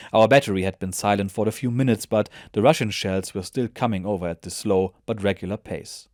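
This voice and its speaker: Low-voiced man reading a war memoir. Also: no room sound, studio quality. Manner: measured, even narration. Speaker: narrator.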